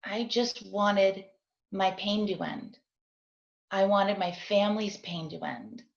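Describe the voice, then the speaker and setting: A woman's voice: mid-range voice, slow pace, vocal fry. Middle-aged woman guest, earnest confessional testimony, video call, echoey room, dull sound. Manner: earnest and confessional, often asks "right?". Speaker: guest sharing her story as a parent. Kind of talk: heartfelt personal testimony in an interview.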